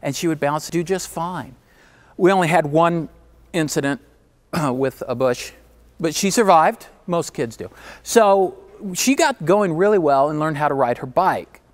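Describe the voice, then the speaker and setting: A middle-aged male keynote speaker tells a personal story to an audience. He pushes his points emphatically, then drops low and quiet, in a voice sitting slightly high for a man. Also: lively intonation, a little slow. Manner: emphatic, swings from driving to hushed.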